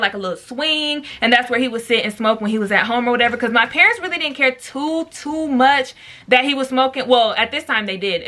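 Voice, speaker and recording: A woman's voice: fairly high pitch, sharp tone. A young woman telling a storytime vlog in a chatty, slangy way, full of fillers and talking straight to her viewers. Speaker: storytime vlogger.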